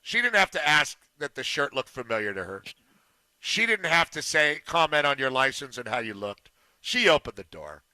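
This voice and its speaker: A man's voice: a little high, big pitch swings, normal speed, sharp tone, no room sound. A man co-hosting a sports radio show, cracking teasing jokes in casual chat. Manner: teasing wisecracks. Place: radio studio.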